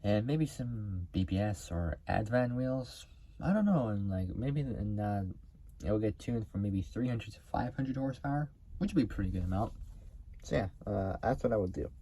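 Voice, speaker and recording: A man's voice: lowish voice, expressive, normal speed, warm tone, slightly rough. A man hosting a car video, talking casually to camera in a rambling way, full of fillers and restarts.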